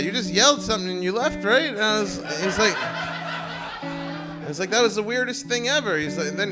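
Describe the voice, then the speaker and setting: Male stand-up storyteller, high-pitched, self-mocking and rambling, with music clear underneath. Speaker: comedian telling a story. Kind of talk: live comedic storytelling.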